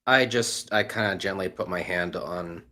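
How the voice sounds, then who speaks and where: A man's voice: low voice, normal speed, sharp tone. A man playing in a tabletop game, asking casual, curious questions. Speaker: player. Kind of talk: casual chat.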